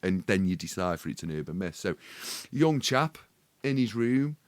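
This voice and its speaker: A man co-hosting a relaxed podcast chat, chiming in with jokes. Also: low-pitched, normal speed, no echo. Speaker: podcast co-host. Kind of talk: casual chat.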